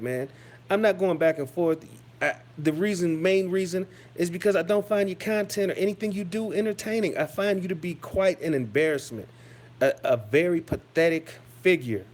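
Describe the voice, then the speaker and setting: A man with a somewhat high-pitched voice rants casually into the camera as a YouTube commentator. He is crude and insulting and pads his talk with fillers and restarts. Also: darkish tone. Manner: profane, insulting, filler-heavy.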